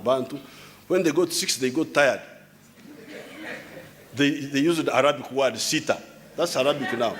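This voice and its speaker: A man in his seventies from Uganda, speaking English, gives an unscripted public address in a lecturing way, often restarting and repeating words. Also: medium pitch. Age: 70s. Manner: lecturing, explaining word by word. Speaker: head of state giving a speech.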